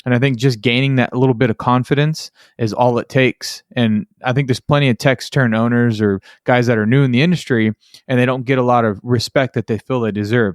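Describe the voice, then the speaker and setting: Male podcast host, mid pitch, talks casually and acts out customers, dry close mic. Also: brisk, dry recording. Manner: animated, acts out customers and technicians. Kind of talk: casual interview chat.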